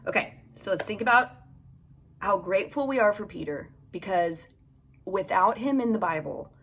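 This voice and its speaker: A woman's voice: mid-range voice, lively intonation, normal speed, fairly bright tone, breathy edge. A woman hosting a devotional podcast, chatting casually and reading scripture aloud while recording in a home closet. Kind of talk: casual devotional Bible teaching.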